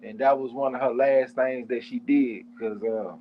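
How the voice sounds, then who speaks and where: A man's voice: medium pitch, steady tone, normal speed, slight background noise. Blunt, laid-back man, muffled mic. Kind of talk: casual chat.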